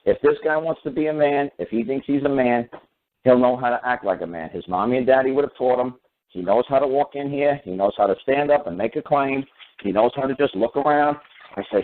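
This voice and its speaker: A man's voice: mid-range voice, a little fast. A man calling into a talk radio show, telling stories and lecturing in an emphatic, repetitive way. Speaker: guest caller on talk radio. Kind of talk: talk radio storytelling and opinion. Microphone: phone. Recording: phone-line call.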